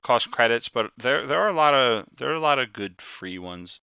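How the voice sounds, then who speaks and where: A man's voice: mid-range voice, expressive, normal speed, gravelly, pushed and bright, clean tone, no room sound, dull audio. A man running a tabletop game as game master, explaining in a rambling way and repeating words as he goes.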